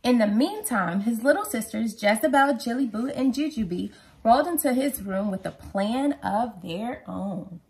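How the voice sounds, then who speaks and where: A woman reads a picture book aloud to her children in a lively, expressive voice. Her pitch sits a bit high and swoops widely as she brings the story to life. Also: normal speed. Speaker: mother reading to children.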